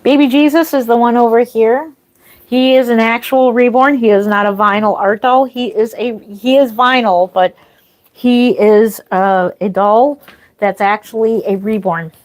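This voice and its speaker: A woman's voice: on the high side, fairly even intonation, a little slow. A middle-aged woman chatting casually on a livestream from her home, rambling with restarts and small laughs. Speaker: reborn doll artist hosting a livestream. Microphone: phone or camera mic, walks away at times.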